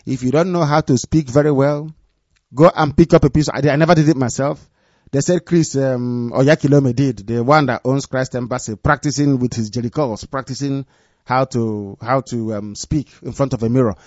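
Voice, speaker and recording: Addressing his followers live on the radio, this leader speaks at a normal speed with fairly even intonation, repeating himself in a commanding tone and sinking low and quiet for warnings. The sound is dry and lo-fi.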